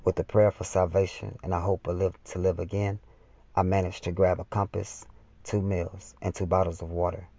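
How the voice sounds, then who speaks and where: A man reading his own novel aloud as first-person narration, in a steady, solemn way, on a slightly dull recording. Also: low voice, moderate pace.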